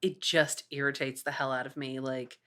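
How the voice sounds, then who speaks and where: A woman's voice: rumbling low, little pitch movement, normal speed, pushed and bright. A woman from the American South with a Southern accent, co-hosting a movie podcast and chatting in a rambling way, full of restarts. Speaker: podcast co-host. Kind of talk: casual chat.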